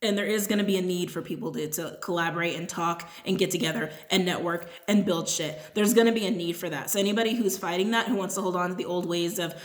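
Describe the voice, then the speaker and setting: A woman talks through a tarot reading in a loose, rambling way, often checking in with "right?". Her voice sits in a middle pitch, and the room around her adds a noticeable echo. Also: fast. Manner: chatty and rambling, with frequent "right?" asides. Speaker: tarot reader. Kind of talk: casual spoken tarot reading.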